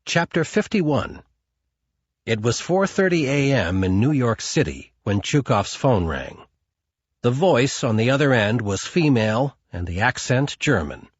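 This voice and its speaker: A male audiobook narrator reads at an unhurried pace, his pitch moving freely. His husky voice sits dry and close in a dull, lo-fi recording. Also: sing-song, dry recording. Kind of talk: scripted narration.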